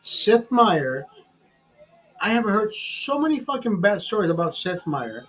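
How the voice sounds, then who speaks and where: A man's voice: high-pitched, big pitch swings, a little slow, fairly bright tone, husky, faint music behind, low-quality recording. A man hosting his own livestream while drinking, tipsy and boastful, swearing constantly in a crude rant. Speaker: livestream host. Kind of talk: casual profane rant.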